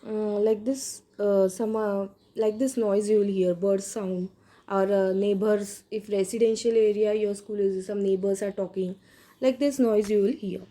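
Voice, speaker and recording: Mellow-voiced teacher explaining to children. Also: female voice, medium pitch, fairly even intonation, a little slow. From India. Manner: asks "yes or no?" often, with fillers and restarts. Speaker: school teacher. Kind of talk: textbook lesson for children.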